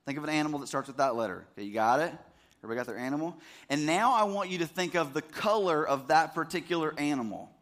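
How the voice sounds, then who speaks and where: A man's voice: fairly high pitch, fast, a bit bright. A man in his thirties, a pastor giving a sermon, talking casually and checking that the congregation is following along.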